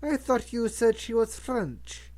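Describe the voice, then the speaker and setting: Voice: medium pitch, animated, takes it slowly, a little mellow, pitched above the performer's own voice. A narrator voicing a determined young woman who asks earnest, curious questions. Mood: inquisitive.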